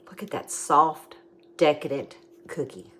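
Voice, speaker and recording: Chatty and homey, a middle-aged woman with a drawl walks through a home cooking demo and tasting. Her low voice has a sharp tone, and she takes her time, patiently explaining every step.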